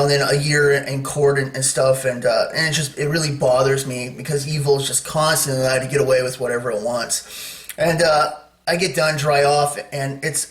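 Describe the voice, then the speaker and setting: A man's voice: medium pitch, a bit bright. A man telling a personal story in a rambling, casual way, with lots of fillers, acting out what he said at the time. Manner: rambling, lots of fillers, acts out his own quotes. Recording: roomy and distant from the mic.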